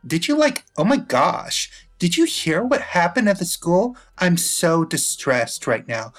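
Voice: medium pitch, big pitch swings, normal speed. A player voicing a dramatic, self-absorbed teenage girl in a tabletop game, talking in valley-girl style with lots of "like" and breaking into panicked wails. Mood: distressed, gushing. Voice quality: valley-girl talk, full of "like". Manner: escalating wails, breathless hysteria. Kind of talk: tabletop role-play.

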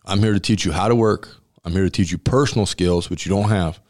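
Deep-voiced, blunt man telling stories. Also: fast, a little mellow. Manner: emphatic and blunt, acting out dialogue with laughs. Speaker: restaurant owner and former college football center. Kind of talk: casual storytelling interview.

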